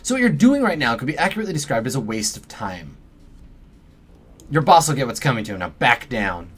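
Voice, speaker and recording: A man's voice: mid-range voice, very animated, a little fast, fairly bright tone, breathy edge. A man voicing an impatient, exasperated male fixer with a sarcastic manner. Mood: irritated. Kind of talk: reading game dialogue aloud.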